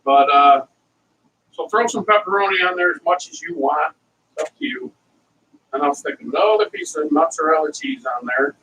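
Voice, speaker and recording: A man's voice: a little high, moderate pace. Chatty middle-aged man cooking, heard from a distance. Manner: rambling, chatty, wandering off into stories. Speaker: cooking vlog host. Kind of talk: casual cooking demonstration, talking to viewers. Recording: distant mic with faint ambient noise.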